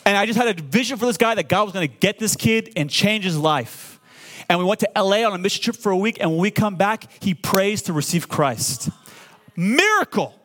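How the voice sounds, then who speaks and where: A man in his forties preaching a sermon, animated and full of call-and-response, often stammering and repeating words when excited. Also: high voice, a little fast. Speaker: pastor.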